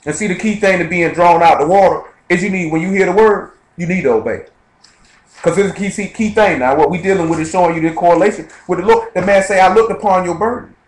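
A man preaches at speed in a casual, conversational way, reading verses and then breaking them down for the people in front of him. His voice sits a little high for a man. The live recording rings with room echo. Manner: rapid, conversational, quotes scripture and checks in with listeners. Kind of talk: informal Bible study sermon. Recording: echoey live-streamed room.

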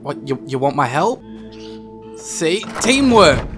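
A man doing excited game commentary, yelling and laughing as he plays. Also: a little high, normal speed. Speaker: gaming YouTuber. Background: game music.

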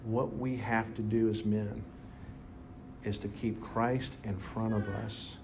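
A man preaching a sermon to a congregation, telling a story with animated emphasis. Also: on the low side, slow pace, noisy background. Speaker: pastor. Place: church hall with congregation.

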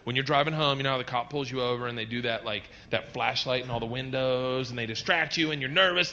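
Loud, bright-voiced male comedian. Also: mid-range voice, fast talker, hardly any pauses. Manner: loud, animated storytelling with mock cop voices. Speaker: stand-up comedian. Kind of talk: stand-up comedy bit. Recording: dull lo-fi clip with faint noise.

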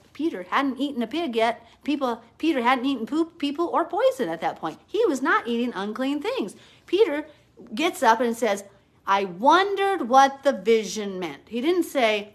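Woman, live-stream Bible teacher, fervent and argumentative, slightly high voice. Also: very animated, normal speed. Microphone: phone or webcam, live stream.

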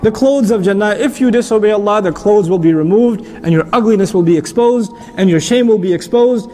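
High-voiced man giving an emphatic religious lecture. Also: fairly quick, mellow. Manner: emphatic, repeats key phrases, asks rhetorical questions. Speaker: Islamic lecturer.

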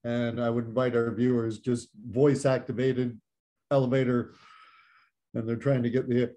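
A male interview host asking questions in a relaxed way, with hesitant restarts. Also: mid-range voice, moderate pace. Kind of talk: casual interview.

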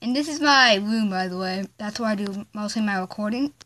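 A woman hosting a casual video from her bedroom, chatting slowly and rambling with fillers as she plays with a phone app. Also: medium pitch, fairly bright tone. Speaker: video host. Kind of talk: casual chat while playing a phone app.

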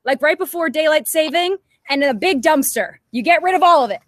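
A woman contestant on a game show, animated, giving rapid clues to her teammate. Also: sits high.

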